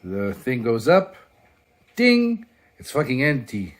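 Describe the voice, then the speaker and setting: A man casually reviewing a comic book on his vlog, excitable and profane, laughing often as he flips through pages. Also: mid-range voice, slow.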